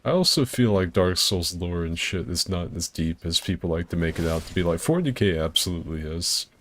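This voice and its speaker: A man's voice: sits low, animated, a little fast, a bit bright, a little hiss or hum. A man streaming a co-op game with friends, rambling in a laid-back way, swearing freely and laughing often. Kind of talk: casual gaming chat.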